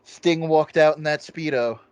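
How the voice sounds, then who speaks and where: A man co-hosting a casual movie review chat, talking excitedly and swearing often. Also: fairly high pitch, a little slow, clean tone, no echo. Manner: excited, profane, quotes scenes in goofy voices. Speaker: podcast co-host.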